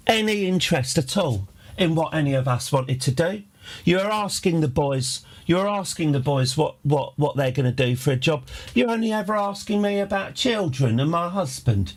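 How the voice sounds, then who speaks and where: A man's voice: a little high, voice pushed up. A man mimicking an indignant woman who scolds a documentary director, in a raised voice. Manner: exasperated, reproachful, repeating the name.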